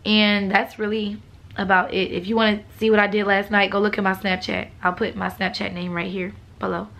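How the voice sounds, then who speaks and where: A young woman vlogging casually to her viewers, relaxed and chatty, with a husky morning voice and a cough. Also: medium pitch, fairly quick. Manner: relaxed, chatty, laughs often. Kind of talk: casual vlog talk to viewers.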